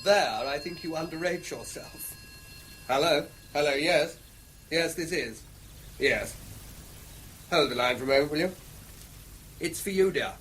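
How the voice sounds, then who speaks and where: An actor playing a gentle, sympathetic young gentleman in a 1950s radio play. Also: a little high, measured pace, long pauses, slight background noise. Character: kindly young gentleman nephew.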